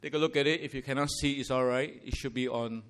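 A man's voice: medium pitch, steady tone, quick pace, clear, resonant tone. A man from Singapore, preaching a sermon in church with emphatic rhetorical questions and rising declarations. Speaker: pastor. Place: church sanctuary.

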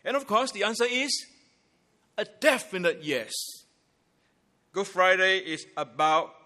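A man preaching a Good Friday sermon in an emphatic, deliberate way, stressing his key phrases. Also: sits high, lively intonation, bright, forceful tone.

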